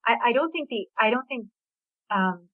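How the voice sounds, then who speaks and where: A woman's voice: fairly high pitch, animated, normal speed, dry recording. Woman's voice on a tinny phone line. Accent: American. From Hungary. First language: Hungarian. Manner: chatty, enthusiastic, with small laughs. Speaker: novelist guest. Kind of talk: casual interview chat.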